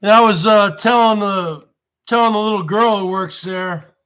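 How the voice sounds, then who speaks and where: A man's voice: high-pitched, moderate pace, a bit bright, smooth. Sarcastic man in his forties ranting. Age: 40s. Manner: sarcastic, emphatic, repeats himself. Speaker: show host. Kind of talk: casual livestream rant.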